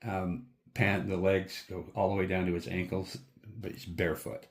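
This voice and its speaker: A man narrating a tabletop game as game master, describing scenes in an unhurried way with fillers. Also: deep voice, level tone.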